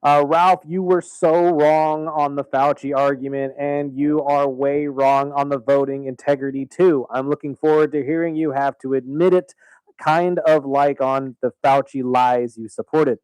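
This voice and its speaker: A man's voice: on the high side, steady tone, a little slow, a little mellow, smooth, dry recording, poor audio. A man calling in to a talk radio show, taunting and accusing the host. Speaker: caller. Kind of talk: call-in radio.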